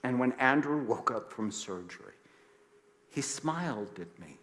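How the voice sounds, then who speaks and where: A man, a psychiatrist, telling a story in a talk with animated delivery, acting out quoted voices and dropping soft and low at grave moments. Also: a little slow. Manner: emphatic, passionate.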